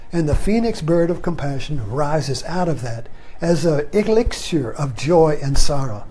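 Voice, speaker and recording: Guy with a highish voice doing a spiritual talk, rambly and chatty, drops way down on "you see". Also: husky. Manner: repeats "you see" softly, drops low at phrase ends; rambling, conversational, with chuckles. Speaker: spiritual teacher.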